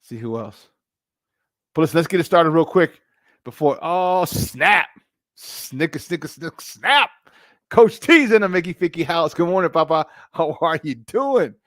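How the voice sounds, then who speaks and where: A middle-aged man hosting a live sports talk stream, animated and emphatic, repeating his points and greeting viewers by name. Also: a little high, normal speed, no echo, clean studio sound. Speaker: sports talk show host.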